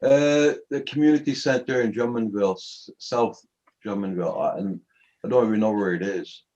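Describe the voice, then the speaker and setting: A man in his sixties hosting a casual video chat, talking plainly with pauses and fillers. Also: lowish voice, a little mellow. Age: 60s. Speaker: channel host. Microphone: video call. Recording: muffled lo-fi audio.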